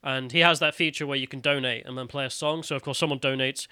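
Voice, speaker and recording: A man's voice: mid-range voice, fairly even intonation, fast, pushed and bright, smooth, no room sound. A man co-hosting a podcast, giving sardonic, mocking commentary on news stories and sometimes putting on voices to quote people. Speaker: podcast co-host. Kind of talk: casual news commentary chat.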